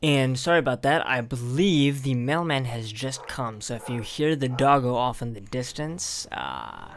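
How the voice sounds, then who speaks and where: A man's voice: mid-range voice, expressive, unhurried, vocal fry. A man giving casual let's play commentary on a video game, rambling with many fillers and frustrated asides. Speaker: gameplay youtuber. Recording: game music underneath.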